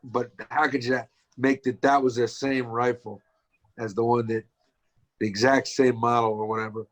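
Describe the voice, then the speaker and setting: A man's voice: medium pitch, level tone, normal speed, rough recording. A man co-hosting a casual podcast, blunt and skeptical with plenty of swearing. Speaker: podcast co-host.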